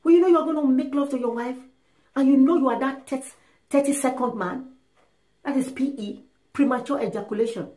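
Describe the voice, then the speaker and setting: A woman's voice: high-pitched, fairly quick. Emphatic woman giving advice in an echoey room. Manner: emphatic, animated, acts out little dialogues. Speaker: relationship and sex advice speaker. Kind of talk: casual advice monologue. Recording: roomy echo.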